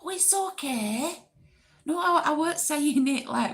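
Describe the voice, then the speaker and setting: Host type: woman with a Greater Manchester accent, slow and low, creaky, rambling chat. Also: animated. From Oldham, England. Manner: chatty, rambling with fillers and restarts. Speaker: livestream host. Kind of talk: casual live chat reading comments.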